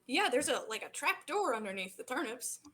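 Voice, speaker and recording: A woman's voice: high voice, very animated, a little fast, a bit bright, slightly rough. A woman running a tabletop game as game master, narrating casually with lots of fillers.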